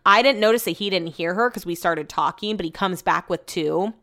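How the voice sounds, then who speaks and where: A woman's voice: lowish voice, brisk, fairly bright tone. A young woman telling a trip story in a casual, slangy way, swearing freely and quoting people as she goes.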